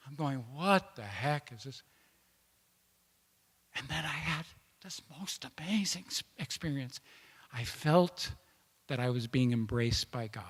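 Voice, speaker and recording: Male conference speaker, conversational storyteller, mid pitch, long hall reverb. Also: fairly bright tone. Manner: conversational, with restarts and acted quotes. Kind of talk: personal storytelling speech.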